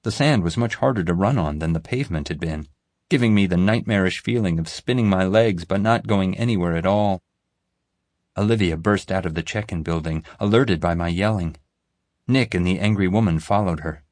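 Deep-voiced man reading an audiobook. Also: moderate pace, a little mellow, dry recording, studio quality. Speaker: narrator. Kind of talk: scripted audiobook narration.

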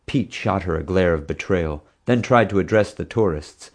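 A man narrating an audiobook in an expressive, dramatic manner. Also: sits low, normal speed.

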